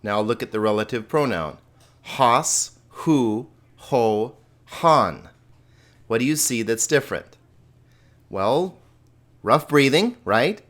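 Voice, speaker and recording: A man's voice: medium pitch, expressive, slow pace, pauses often, a bit bright. A man teaching a grammar lesson, patient and explanatory, often repeating words as he restarts his sentences. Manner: holds a cat while teaching. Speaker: Greek teacher.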